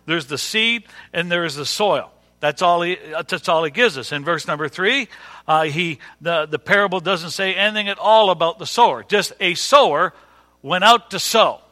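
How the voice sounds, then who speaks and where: A man's voice: sits high, sharp tone. A middle-aged male pastor preaching a sermon in a folksy way, repeating words and using dry humor. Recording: long hall reverb.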